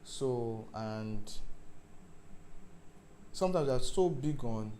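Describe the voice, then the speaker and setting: A man giving a lively talk on stage. He acts out phone calls with sudden loud outbursts and keeps asking his listeners if they understand. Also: mid-range voice, brisk, a little hiss or hum. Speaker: speaker.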